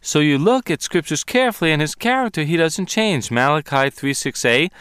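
A man's voice: a little high, expressive, brisk, a bit bright, clear, resonant tone, no room sound, studio quality. A man teaching a sermon on scripture, emphatic and dramatic when acting out quoted voices. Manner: emphatic, dramatic quoting of disciples. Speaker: Bible teacher.

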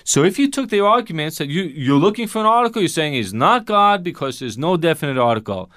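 A man's voice: on the high side, big pitch swings, quick pace, fairly bright tone, dry recording, studio quality. A man teaching Bible Greek grammar in an emphatic way, asking rhetorical questions and repeating his key points.

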